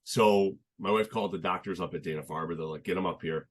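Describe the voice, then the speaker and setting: Young man, very low voice, earnest and halting, podcast guest, casual storytelling. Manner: earnest, halting, many restarts and "like".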